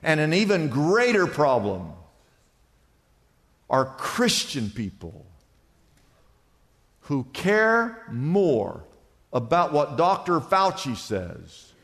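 A man with a high-pitched voice delivers a sermon from the pulpit. He preaches with emphasis, climbing on key words and then sinking low and quiet. The sound carries a long, ringing church reverb. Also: huge pitch swings, drawn-out words, long pauses. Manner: emphatic preaching, swinging between loud and hushed. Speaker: pastor.

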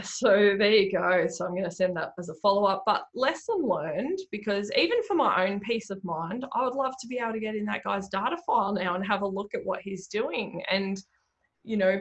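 Woman, casual podcast host, chatty, animated, filler-heavy. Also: medium pitch, highs cut off. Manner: chatty, animated, many fillers like "you know" and "like". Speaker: podcast host, bookkeeping business owner. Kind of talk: casual solo podcast talk.

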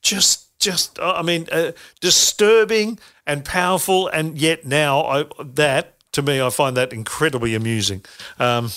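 A man's voice: on the high side, a little slow, fairly bright tone. A middle-aged man hosting a casual podcast chat, rambling with lots of fillers and restarts. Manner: rambling with many fillers and restarts, laughs easily. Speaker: podcast host.

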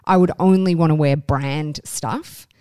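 A woman's voice: low-pitched, unhurried, mellow, clean tone, no room sound. A woman in her forties with an Australian accent, co-hosting a casual podcast chat and talking candidly with plenty of swearing and self-mockery. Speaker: podcast co-host.

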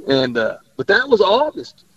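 Lively gravelly fishing guide. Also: male voice, high voice, moderate pace, no room sound. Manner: drawling, rambling storyteller, laughs often. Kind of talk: casual radio chat. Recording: dull lo-fi radio audio.

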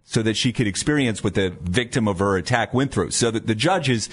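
A man co-hosting a morning radio show from a studio mic, his voice swinging up and down with lively intonation. He banters in a playful, jokey way and rolls into station liners with ease. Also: fairly low pitch, a little fast, husky.

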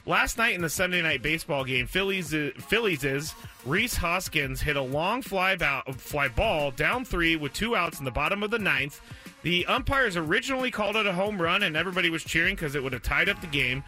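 A man's voice: fairly high pitch, sharp tone. A man hosting a sports debate show, steering the talk, reading a quote and laughing easily between points.

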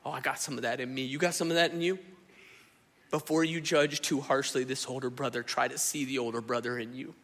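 A pastor preaching a sermon into a stage microphone in a church hall, impassioned and conversational, often asking the crowd questions. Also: male voice, mid-range voice, fairly even intonation, brisk, a bit bright.

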